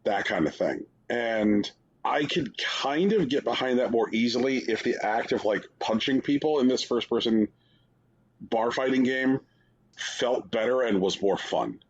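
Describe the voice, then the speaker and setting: A man's voice: medium pitch, measured pace, husky, dull audio. A man co-hosting a podcast, giving wry, rambling game reviews in casual chat, full of "like" fillers. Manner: rambling, wry, heavy use of "like". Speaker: podcast co-host.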